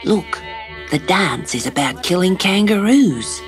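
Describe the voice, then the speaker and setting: A woman voicing a gentle, brave mother kangaroo on a storybook tape, with a hushed and warning murmur. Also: lowish voice, lively intonation, unhurried. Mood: gentle, earnest. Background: soft story music.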